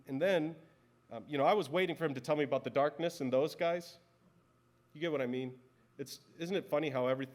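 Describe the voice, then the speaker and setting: A man in his thirties, a pastor, preaching a sermon in a conversational way and telling personal stories. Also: fairly high pitch.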